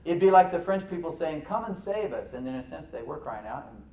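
A pastor preaching in a roomy, echoing church, picked up from some distance off the mic. He is animated, firing rhetorical questions at the congregation and dropping into soft asides. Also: a little high, fast talker, vocal fry. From United States. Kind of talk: sermon.

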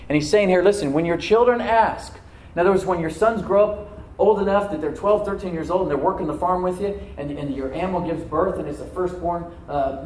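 A middle-aged male pastor preaching a sermon, often asking the congregation questions and swinging between loud emphasis and hushed asides. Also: on the high side, slight background noise, rough recording.

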